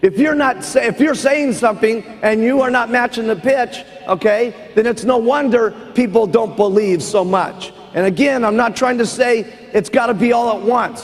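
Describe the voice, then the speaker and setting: A man giving a motivational seminar speech as a business trainer, emphatic and forever asking "okay?". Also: high-pitched. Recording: long hall reverb.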